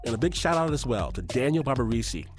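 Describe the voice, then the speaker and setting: A man's voice: medium pitch, sing-song, quick pace, over music. A man hosting a radio show, reading the outro and credits.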